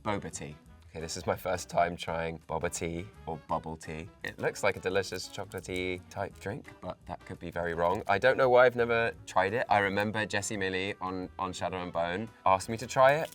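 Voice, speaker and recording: A deep, low-pitched Englishman in his forties chats in a relaxed, playful way, giggling easily as an interview guest. His English accent is clear. Faint music plays underneath. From England. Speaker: actor and singer guest. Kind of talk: casual interview chat.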